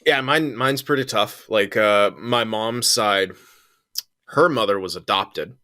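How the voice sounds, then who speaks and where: A man's voice: fairly low pitch, slow, bright, forceful tone, dry recording, clean studio sound. A man co-hosting a casual podcast, joking and swearing casually. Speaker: podcast co-host.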